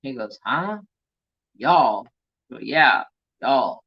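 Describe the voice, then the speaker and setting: A man's voice: mid-range voice, a little slow, highs cut off. A man from California hosting a craft channel, chatting casually and rambling with a loose, drawling, joking manner. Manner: rambling, self-talking, joking, loose Southern-tinged drawl. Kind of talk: casual live-stream chat.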